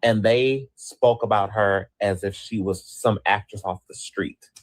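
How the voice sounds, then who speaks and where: A man's voice: on the low side, fairly even intonation, a little slow, no echo. A man giving opinionated news commentary, emphatic and repeating his points. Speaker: co-host.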